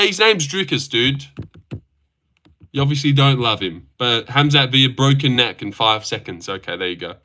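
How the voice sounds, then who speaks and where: Bright-voiced young man chatting on a livestream. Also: mid-range voice. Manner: crude, teasing banter with chat, frequent swearing. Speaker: livestream host. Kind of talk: casual livestream chat reacting to chat.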